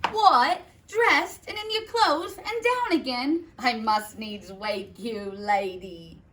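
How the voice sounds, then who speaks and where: A woman voicing a frantic old nurse, wailing and shouting in alarm. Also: fairly high pitch, slow pace, background noise, pitched above the performer's own voice. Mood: panicked.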